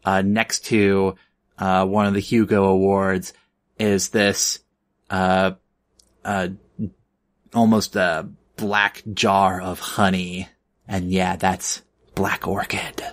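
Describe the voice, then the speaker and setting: A man running a tabletop game as game master, narrating in a slow, unhurried way. He talks haltingly, with frequent pauses and fillers. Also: fairly low pitch.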